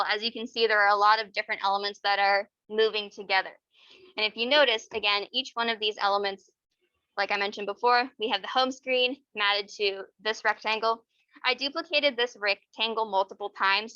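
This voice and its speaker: A young woman leading a casual online software workshop, explaining step by step with many fillers. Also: medium pitch, no echo, dull audio. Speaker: workshop instructor. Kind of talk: software tutorial over screen share.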